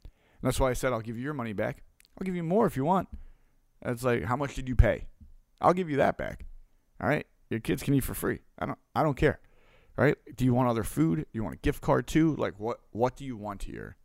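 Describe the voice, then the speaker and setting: Gravelly, candid food truck owner. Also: male voice, mid-range voice, sing-song, fairly quick, darkish tone, dry recording, studio quality. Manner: candid, profane, acts out both sides of a story. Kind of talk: casual storytelling.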